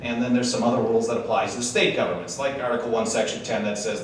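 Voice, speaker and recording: A man's voice: medium pitch, fairly even intonation, fast talker, hardly any pauses, a little hiss or hum. Joking man speaking in an echoey hall. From Wisconsin, USA. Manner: chatty and joking, with slangy asides. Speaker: conference speaker. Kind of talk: casual humorous speech to a live audience. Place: large conference hall. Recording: echoey hall, mic heard from a distance.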